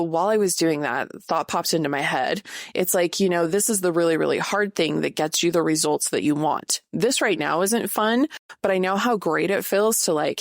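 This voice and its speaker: A woman's voice: lowish voice, dry recording, studio quality. A woman in her late thirties hosting a podcast, talking candidly and casually with lots of fillers. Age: 30s. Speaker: podcast host. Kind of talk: casual solo podcast talk.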